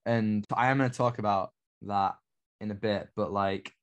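A man's voice: on the low side, fairly even intonation, moderate pace. A man co-hosting a podcast, talking casually and with effusive enthusiasm. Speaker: podcast co-host.

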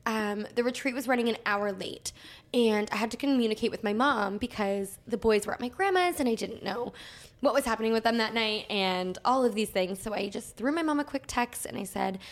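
A young woman co-hosting a podcast, gushing and excitable in casual chat, saying "like" often. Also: on the high side, fairly quick. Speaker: podcast co-host.

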